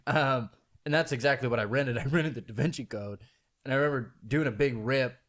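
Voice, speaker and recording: A man's voice: medium pitch, fairly quick, fairly bright tone. Laughing young man telling stories. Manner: laughs through stories, acts out quoted voices. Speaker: podcast host. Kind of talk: casual storytelling chat.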